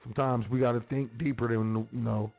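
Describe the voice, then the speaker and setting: In a casual talk-show monologue, a man hosting a podcast speaks bluntly, using street slang and some swearing. His mid-range voice is a little fast, with fairly even intonation and vocal fry. A tinny phone-line sound and faint music color the recording.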